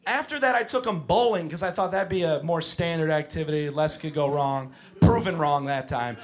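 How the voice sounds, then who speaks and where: A man doing stand-up comedy, telling stories with animated, shouted acted-out bits. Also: fairly high pitch, normal speed. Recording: live show with audience laughing. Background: crowd laughter.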